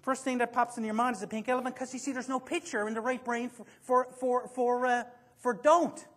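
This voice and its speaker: A man speaking to a room full of people at a motivational seminar, his voice husky and a little rough. He jokes as he goes and pulls the audience into the talk with questions. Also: extremely high pitch, fairly even intonation, brisk, a bit bright. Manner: joking, quizzes the audience.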